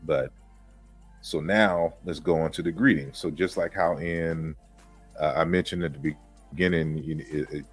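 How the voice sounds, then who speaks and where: A man's voice: extremely low pitch, steady tone, unhurried, husky, soft background music. A man giving an informal online lecture on historical linguistics, walking through slides and reading out word meanings, with frequent fillers and restarts.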